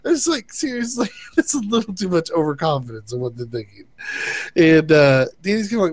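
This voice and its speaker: A man in a fairly high register, walking a friend through every twist of an episode. He plays the characters' lines with little bursts of laughter. The mic is close and the room dry. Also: fairly quick, dry recording. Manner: animated retelling, acts out characters' lines with laughs. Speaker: co-host recapping an episode. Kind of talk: casual recap chat.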